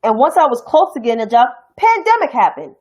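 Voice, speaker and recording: Talking very fast, a young adult woman from New York City rants about politics on her own stream in a blunt, profane, heated way, her New York accent evident. Her voice is fairly high, darkish and slightly rough. The audio is poor.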